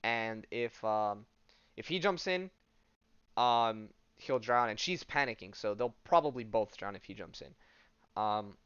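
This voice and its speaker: A podcast host retelling a comic story casually, with lots of fillers and offhand asides. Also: male voice, lowish voice, animated, a little slow, fairly bright tone, smooth, highs cut off.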